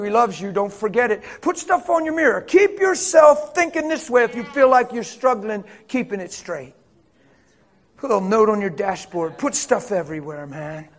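A man with a high voice delivers a lively sermon. He talks straight to his listeners, calling out "come on" and "man," and switches between raised emphasis and low murmurs. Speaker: pastor.

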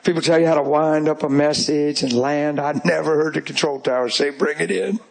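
Animated preacher man, high voice. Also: a little fast, vocal fry. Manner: folksy, animated, rising to emphatic shouts. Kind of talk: sermon storytelling.

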